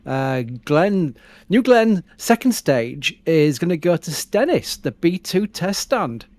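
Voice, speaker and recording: A man hosting a live stream, talking fast and bubbly with rushed asides. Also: fairly high pitch, sing-song, darkish tone. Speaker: stream host. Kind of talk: casual live commentary.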